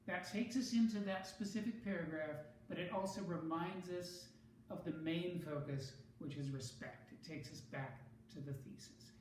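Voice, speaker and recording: A teacher walks students through essay writing in a measured, explanatory way at an even middle pitch. The voice rings through a very echoey room and sits at a distance from the mic. A faint hiss runs underneath. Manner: measured, explanatory, rereads for clarity. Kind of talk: recorded writing lesson.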